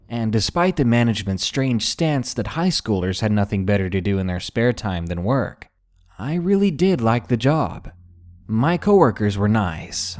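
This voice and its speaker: Expressive male horror-story narrator. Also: medium pitch.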